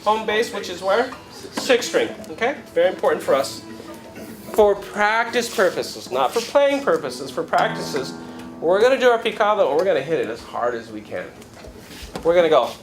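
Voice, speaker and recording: A man with a fairly high voice runs a relaxed flamenco guitar workshop, talking in an easygoing, encouraging way. Loud guitar playing sits right under his voice throughout. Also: moderate pace, rough recording. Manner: chatty, encouraging, with frequent "right?" and "okay?". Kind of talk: casual workshop teaching. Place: workshop room.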